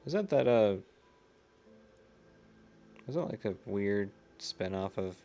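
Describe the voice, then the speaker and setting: A man's voice: fairly low pitch, animated, slow, dark tone, dull audio, soft background music. A man streaming a video game live, chatting casually, reading chat aloud and often laughing.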